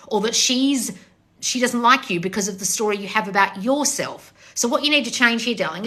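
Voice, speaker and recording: Blunt, sweary woman coach with a bright, ringing tone, answering viewers live into her phone. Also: fairly high pitch. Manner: blunt and sweary, laughing, reading viewer comments aloud. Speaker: manifestation coach. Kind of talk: live-stream Q&A.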